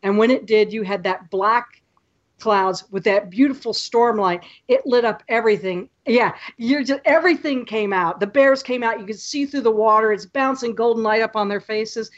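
A woman guest on a podcast, telling lively stories and acting out what people said. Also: fairly high pitch, moderate pace, dull audio. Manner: lively storyteller, acts out quotes. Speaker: podcast guest, photography tour leader. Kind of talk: casual podcast chat.

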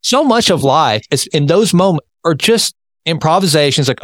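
A man hosting an interview in a casual, chatty way, telling anecdotes and talking in quick bursts. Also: fairly high pitch, dry recording, studio quality. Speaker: interview host.

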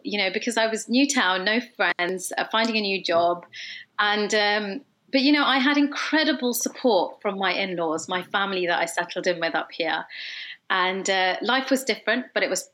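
Originally from London, this woman in her thirties works as a dentist, and her speech blends English with a faint Scottish lilt. Her mid-range voice is a bit bright and moves at a normal speed as she talks earnestly and thoughtfully in an interview, leaning on plenty of fillers.

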